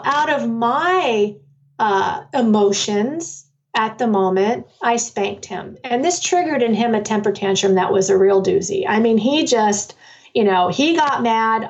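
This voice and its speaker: A middle-aged woman, an author who leads parenting workshops, tells her story in a conversational interview, rambling loosely with plenty of fillers and restarts. Her voice sits on the high side, picked up by a distant mic that cuts off the highs.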